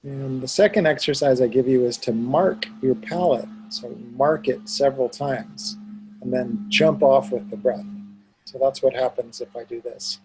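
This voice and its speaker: A man's voice: mid-range voice, moderate pace, darkish tone, breathy edge, soft background music, rough recording. A man teaching a student one-on-one, patiently explaining and demonstrating sounds aloud. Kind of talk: one-on-one pronunciation lesson.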